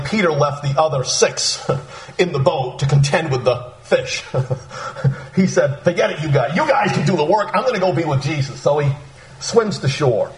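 A man's voice: on the high side, echoey room. A man preaching a sermon, walking through a scripture passage and acting out the disciples' lines. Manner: animated, acts out voices of disciples.

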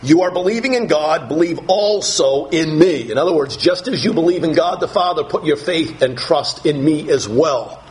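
A man preaching a sermon, reading scripture aloud slowly and explaining it with emphasis. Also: darkish tone. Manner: slow, emphatic scripture reading, rising to higher pitch when dramatizing.

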